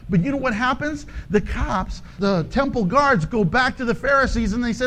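Man, pastor, sermon, high voice, animated storytelling, faint background noise. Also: a little slow. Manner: animated storytelling, acts out voices, joking asides.

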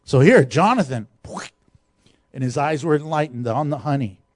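A middle-aged man preaches with lively energy, often laughing at his own asides. His voice sits a little high for a man. The sound is dry and close, with almost no room echo. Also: moderate pace. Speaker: pastor. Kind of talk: sermon.

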